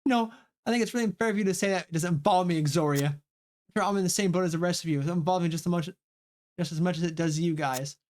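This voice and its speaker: A man voicing a sweet, timid young girl who pleads in a high, upset voice. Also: quick pace, a little mellow, close to an everyday voice. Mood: pleading.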